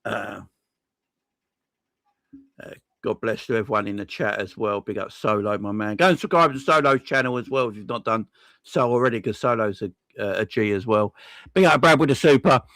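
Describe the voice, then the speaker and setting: A man hosting a casual livestream, thanking viewers one by one in an excitable, effusive way with plenty of slang. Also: fairly low pitch, normal speed, no room sound. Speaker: livestream host.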